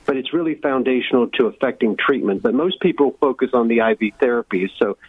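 A man's voice: medium pitch, fast talker, low-quality recording. A man who is a medical doctor, answering interview questions in an earnest, explanatory way and building up to emphatic points.

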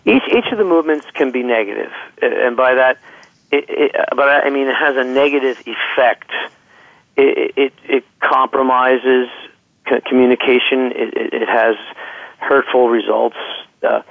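A man's voice: medium pitch, normal speed, vocal fry, no room sound. A man explains his ideas as a podcast guest, stumbling through repeated words and restarts. His voice comes through a tinny phone line with a dry, close sound. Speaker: guest, clinical psychologist. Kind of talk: interview conversation.

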